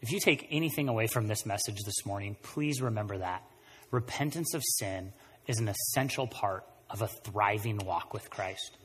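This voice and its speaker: A man preaching a sermon as pastor, animated, swinging between quiet and loud passages. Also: on the low side, normal speed, slight background noise. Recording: long reverb of a large room.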